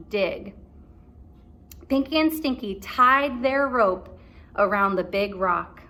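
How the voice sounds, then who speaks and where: Bright-voiced teacher reading aloud. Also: female voice, a little high, slow, pauses often, a little hiss or hum. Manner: encouraging, asking questions. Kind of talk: read-aloud for young children.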